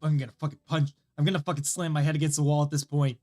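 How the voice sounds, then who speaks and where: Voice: medium pitch, level tone, racing, hardly any pauses, a little mellow, soft background music. A streamer at home, tired and coming down with a cold, chatting casually while practicing Japanese, frustrated and swearing often.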